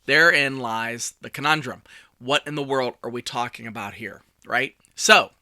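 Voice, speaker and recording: Bright, chatty male podcast host. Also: mid-range voice, normal speed, dry recording. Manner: chatty, storytelling, self-deprecating asides. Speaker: communication coach and podcast host. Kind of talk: casual solo podcast talk.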